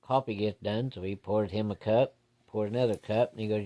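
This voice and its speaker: A man's voice: on the low side, fairly even intonation, fairly quick, mellow. Folksy man telling a ghost story. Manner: folksy, plain-spoken with casual swearing.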